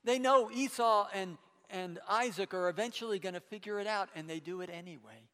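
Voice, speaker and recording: A man preaching a sermon, retelling a Bible story in a conversational way, with stammered restarts and animated quoting. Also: high voice, brisk, in a large hall.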